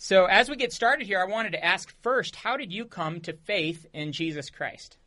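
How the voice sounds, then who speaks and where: A male radio host greets and thanks his guest with eager enthusiasm. His voice is bright and forceful, pitched a bit high for a man, and he leans into his words with keen energy. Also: moderate pace. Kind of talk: radio interview hosting.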